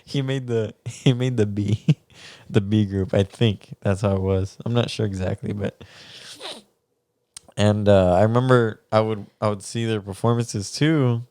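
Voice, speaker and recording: A man's voice: lowish voice, steady tone, measured pace, darkish tone, no room sound. A young man, co-hosting a podcast and telling a story in casual chat, laughing often and swearing casually. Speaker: podcast co-host.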